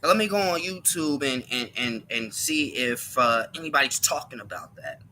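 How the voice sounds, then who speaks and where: A man's voice: mid-range voice, lively intonation, moderate pace, bright, forceful tone, slight background noise. A man giving an emphatic opinion monologue on his live stream, often repeating and restarting his words.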